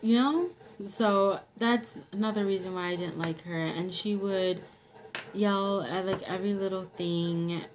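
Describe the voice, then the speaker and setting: A woman's voice: medium pitch, unhurried, a little hiss or hum, rough recording. A young woman telling a personal story in a rambling, casual way, full of "like" and "you know". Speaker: vlogger.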